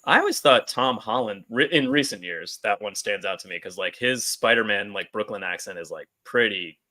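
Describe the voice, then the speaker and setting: A man's voice: on the low side, moderate pace, pushed and bright. A man co-hosting a podcast, chatting casually and teasing his friends with offhand swearing. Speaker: podcast co-host. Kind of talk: casual chat.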